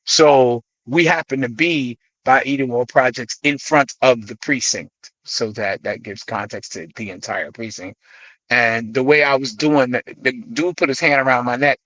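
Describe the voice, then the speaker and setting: A middle-aged man from the Bronx with a New York accent tells his stories as a guest in a dry, close-miked studio. His pitch sits in the middle, and he slips into the voices of the people he quotes. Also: moderate pace, dry recording, low-quality recording. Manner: animated storyteller who acts out quoted voices. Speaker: guest, hip-hop artist. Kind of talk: radio interview storytelling.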